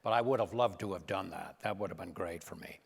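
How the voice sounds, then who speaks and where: In a large hall, an older man speaks fast in a low, creaky voice with a breathy edge. A comedian and impressionist, he gives a lively storytelling talk on stage, performing the voices of the people in his tales.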